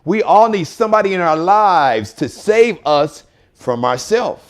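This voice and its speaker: Animated joking male live-show host. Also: high-pitched, unhurried. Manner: animated, joking, storytelling, shout-outs.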